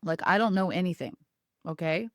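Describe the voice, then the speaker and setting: A woman voicing a patient, soft-spoken male marketing boss who explains things calmly, step by step. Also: lowish voice, normal speed, no room sound, studio quality, close to an everyday voice. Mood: patient coaxing. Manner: calm, coaxing, explaining step by step.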